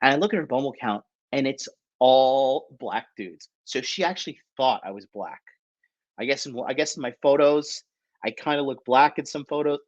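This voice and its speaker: A man's voice: medium pitch, expressive, normal speed, highs cut off. A man telling a story in a casual, rambling way, swearing often and tagging lines with "right?". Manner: profane, rambling, keeps asking "right?". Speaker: podcast storyteller.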